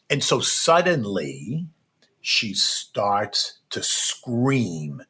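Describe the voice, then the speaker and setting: A middle-aged man, a podcast guest, recounting a personal story in an animated way and acting out the dialogue. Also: mid-range voice, slow, breathy edge. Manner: animated, acts out quoted dialogue.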